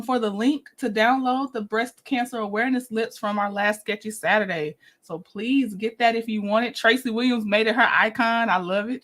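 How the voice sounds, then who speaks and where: Chatty woman host, giggly, higher voice, casual stream greetings. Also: fairly bright tone. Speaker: livestream host. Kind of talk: casual livestream chat.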